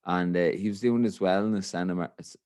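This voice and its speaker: A man's voice: low voice, fairly even intonation, a little fast, a little mellow, clean tone, no echo, studio quality. An Irish man hosting a podcast in loose, rambling casual chat, full of swearing and filler phrases. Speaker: podcast host.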